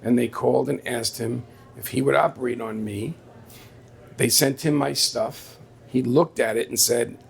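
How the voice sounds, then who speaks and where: On stage at a live story slam in a small venue with an audience, a man tells a personal story conversationally, quoting the people involved. His medium-pitched voice is creaky and somewhat dark, with fairly even intonation and a moderate pace.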